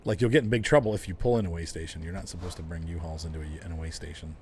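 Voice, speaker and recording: A man's voice: low voice, fast, long pauses, slight background noise. A man casually chatting with viewers while driving in a truck game, rambling and laughing often. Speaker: game streamer.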